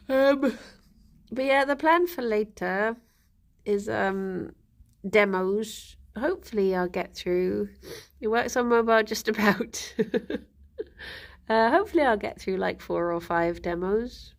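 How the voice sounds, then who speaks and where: A woman livestreamer chatting casually with her viewers, tired and yawny after a bad night, relaxed and trailing off with frequent ums. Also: medium pitch, slow pace, long pauses.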